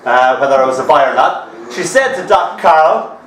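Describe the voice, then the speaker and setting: A man's voice: fairly high pitch, animated, normal speed. A wry Irish man in his fifties spins comic stories in a slightly raised voice and teases the crowd as he goes. The room is echoey, and the mic sits some way off in a bar. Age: 50s. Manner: wry, chatty, teasing the audience. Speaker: storyteller. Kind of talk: live comic storytelling. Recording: roomy sound from a distant mic.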